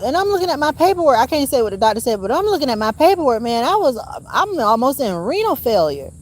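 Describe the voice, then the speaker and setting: A woman's voice: sits high, big pitch swings, quick pace, few pauses, a little mellow, a little hiss or hum. A woman vlogging in a casual monologue, rambling and emphatic, swearing often and calling her viewers y'all. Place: rented home.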